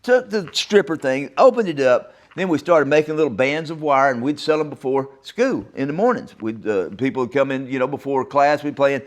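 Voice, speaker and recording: A man's voice: medium pitch, animated, brisk, few pauses. An older man from Oklahoma, hosting a solo podcast as a folksy, rambling storyteller. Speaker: podcast host. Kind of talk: solo reflective talk.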